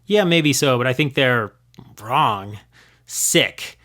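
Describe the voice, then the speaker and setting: Grumbling teen boy, read by a man, flat, disgusted delivery. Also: medium pitch, takes it slowly. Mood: irritated. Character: surly teenage boy who hates Pokemon.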